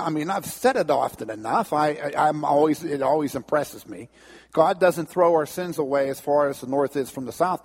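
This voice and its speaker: Gravelly folksy preacher man. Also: on the high side, a little mellow, long reverb tail. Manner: folksy, conversational. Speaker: pastor. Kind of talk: sermon with storytelling.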